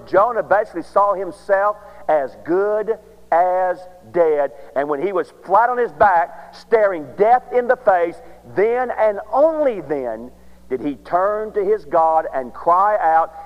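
A man preaching a sermon, with dramatic pauses and sudden swings between loud and soft. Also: high-pitched. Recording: muffled recording of a large echoing hall.

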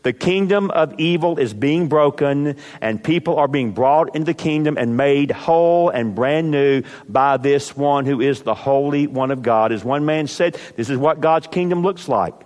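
A man preaching a sermon as pastor, speaking emphatically and rising to forceful commands. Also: mid-range voice, moderate pace, hardly any pauses, long reverb tail.

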